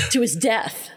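A woman's voice: a little high, breathy edge. A woman co-hosting a podcast, offering wry, dry remarks about a movie. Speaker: podcast co-host. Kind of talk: casual movie commentary.

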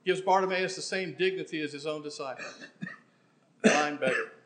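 A man preaching a sermon in church, impassioned, swinging between emphatic bursts and quiet, intimate asides. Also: fairly high pitch, moderate pace.

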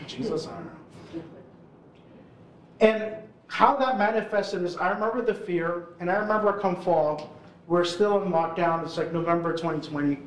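Man, 40s, chatty event storyteller, high voice, echoey hall. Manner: casual, chatty storytelling full of "like" and "right?". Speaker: urban ministry worker speaking at an event. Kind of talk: live storytelling talk. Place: hall with a live audience. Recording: roomy hall sound.

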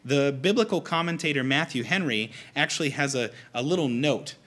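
A man preaching a conversational sermon to a congregation, animated and acting out quoted lines. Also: mid-range voice, brisk. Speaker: pastor.

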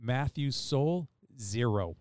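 A man spins a loose, meandering story on a podcast, restarting sentences and swearing casually. His voice sits at an ordinary pitch, recorded close and dry with no room sound. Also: expressive, slow pace, a little mellow, clear, resonant tone, dry recording. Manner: rambling, laid-back storyteller with frequent restarts and swearing. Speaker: podcast host.

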